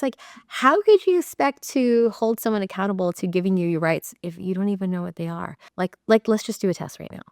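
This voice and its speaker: A woman's voice: medium pitch, a little fast, darkish tone, no echo, clean studio sound. A woman marriage coach giving casual, direct advice to camera in a chatty way, often acting out the voices of the people she describes.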